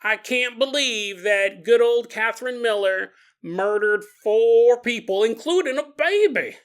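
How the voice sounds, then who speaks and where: A man voicing a gossipy eighty-two-year-old woman who talks in a slow, folksy drawl full of exclamations. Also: extremely high pitch, clean tone. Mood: scandalized.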